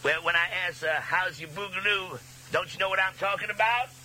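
An American man working the mic as a radio DJ, all drawl and teasing hipster patter with chuckles between lines. His voice sits high for a man and rings very bright. He toys with his callers. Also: a little fast, a little hiss or hum. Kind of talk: jive-talking radio show patter.

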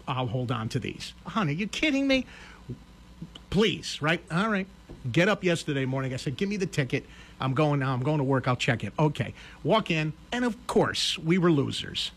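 Connecticut guy on the radio, fairly high voice, telling a story and acting out both people. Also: a little hiss or hum. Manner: animated storyteller acting out both sides of a dialogue. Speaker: radio show host. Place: radio studio.

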